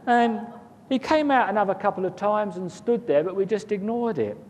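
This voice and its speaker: High-voiced man telling a long story. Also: animated, measured pace, a little mellow. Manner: rambling, repeats words, chuckles. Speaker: guest recounting an experience. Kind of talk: casual storytelling. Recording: long reverb, faint rumble.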